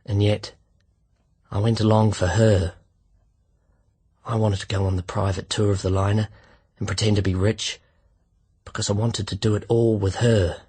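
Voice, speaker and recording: A man narrating a literary short story in the first person, measured and reflective. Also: fairly low pitch, flat delivery, warm tone, breathy edge. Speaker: audiobook narrator.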